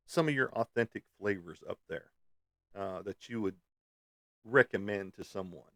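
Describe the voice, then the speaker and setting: A man's voice: on the low side, normal speed, a bit bright, no echo, clean studio sound. A middle-aged man from the United States chatting casually as a podcast host, rambling with many ums and uhs. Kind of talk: casual chat.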